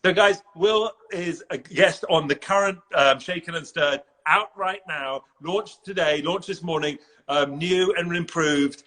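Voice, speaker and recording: A man's voice: a little high, unhurried, few pauses, sharp tone. A man with an English accent hosting a casual live video chat, playful and teasing, laughing often. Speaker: host. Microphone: video call.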